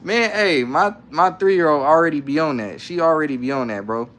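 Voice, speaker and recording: Young adult man, livestream host at home; casual slangy banter, frequent laughs, slightly high pitch. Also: moderate pace, fairly bright tone. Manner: laid-back slangy banter, laughs often. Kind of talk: casual live stream chat reading comments. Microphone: phone.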